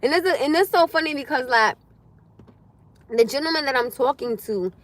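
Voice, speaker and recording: Speaking at a normal pace in a high-pitched voice, this young livestream host chats loosely with her audience, responding to comments and cursing without hesitation. The recording has no room sound, and her manner is lively.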